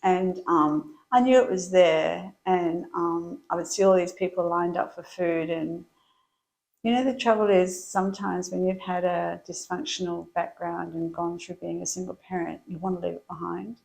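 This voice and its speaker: A middle-aged woman telling her story as an interview guest, chatty and quick to laugh. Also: lowish voice, steady tone, gravelly, a little mellow, poor audio. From Australia.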